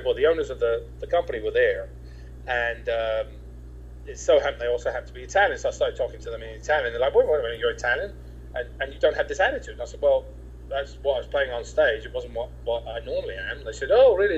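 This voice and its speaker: A man's voice: mid-range voice, lo-fi sound, slight background noise. A man from England, a guest in a casual interview, telling his story in a rambling way with many restarts and quoted dialogue.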